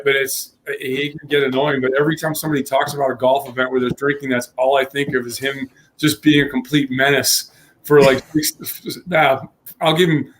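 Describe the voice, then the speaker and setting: A man co-hosting a casual tech podcast, telling a long story with lively acted-out quotes and frequent laughs. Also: mid-range voice. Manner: animated storyteller, acts out quotes, laughs often. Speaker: podcast co-host.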